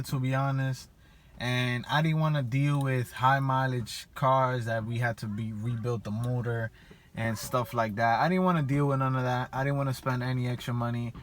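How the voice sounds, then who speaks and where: A young man vlogging casually at home, rambling with lots of fillers as he talks about his car. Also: medium pitch. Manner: rambling, filler-heavy, keeps saying "and yeah". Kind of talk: casual vlog talk. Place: outdoors at home, yard and car.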